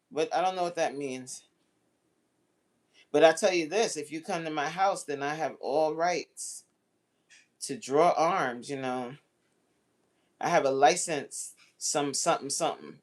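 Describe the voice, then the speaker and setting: Playful woman teasing her live chat. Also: deep voice. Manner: playful, teasing banter with lively swings. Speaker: livestream host reading chat. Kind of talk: casual livestream chat.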